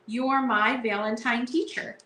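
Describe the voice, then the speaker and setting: Woman host, casual live-sale chatter, unhurried, playful verse reading, echoey room. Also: a little high, steady tone, bright, forceful tone. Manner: chatty, reads card verses aloud in a playful sing-song. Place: indoor room at home.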